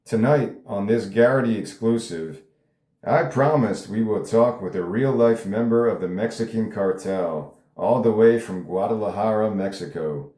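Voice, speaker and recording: A man reads a pompous male cable news anchor, all bluster and self-importance. The voice sits low and mellow. It is caught in a roomy space with echo. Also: close to an everyday voice. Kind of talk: table read of a script.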